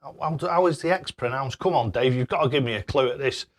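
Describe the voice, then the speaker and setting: An older man reads viewer messages and throws darts on a live stream, chatting casually, laughing often and stumbling over tricky names. His voice is mid-range and quick.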